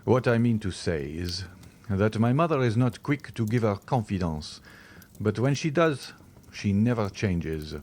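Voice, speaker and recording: A man's voice: lowish voice, animated, measured pace, darkish tone. A man reading the part of an earnest, eager young viscount. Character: young viscount, eager and devoted to his mother.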